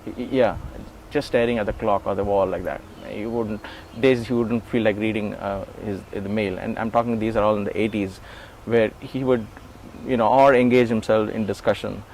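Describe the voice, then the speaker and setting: A man's voice: on the low side, normal speed, a little hiss or hum, poor audio. A middle-aged man in an interview, recalling his years as an assistant and acting out the dialogue as he tells it. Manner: animated, acts out quoted dialogue. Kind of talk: conversational storytelling interview.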